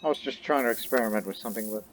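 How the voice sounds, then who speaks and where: A man's voice: on the low side, very fast, a little hiss or hum. Man chatting through a strategy game. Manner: chatty, thinking aloud with asides. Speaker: game streamer. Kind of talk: casual gameplay commentary.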